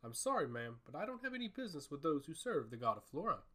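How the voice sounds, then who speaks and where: A man's voice: a little high, very animated, fast talker, a bit bright. A man voicing a rude, gray-haired ship captain in a storybook reading, speaking in a condescending and dismissive way.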